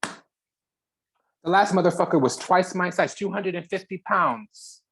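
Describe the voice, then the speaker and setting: Give me a mid-pitched spiritual channel host doing a fiery, profane reading with big dramatic pauses. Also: a little hiss or hum. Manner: heated and profane, swinging between loud and hushed.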